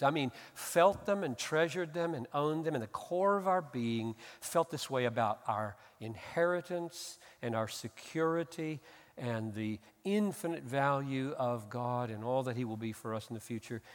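This expository sermon comes from a male pastor with a mid-range voice, echoing in long hall reverb. He's earnest and emphatic, shifting from hushed speech to loud outbursts.

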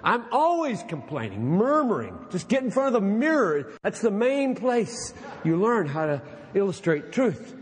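A man preaches with a high, swooping voice that leaps up and plunges low as he presses each point. He takes his time and leans hard on key words. The sound carries a long reverb from a large hall. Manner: animated, emphatic, drops low and slow when reading quotations aloud. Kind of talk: sermon to preachers.

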